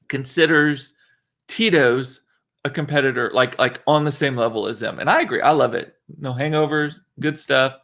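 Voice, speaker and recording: A man's voice: medium pitch, normal speed, fairly bright tone. A man from South Texas, chatting casually and rambling on his livestream. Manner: chatty and rambling, with many fillers and restarts. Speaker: livestream host. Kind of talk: casual live-stream chat.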